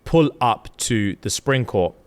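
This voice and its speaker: A man's voice: medium pitch, expressive, slow. A man, casually retelling a novel's plot on a podcast, acting out the characters' lines in slang. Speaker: podcast co-host.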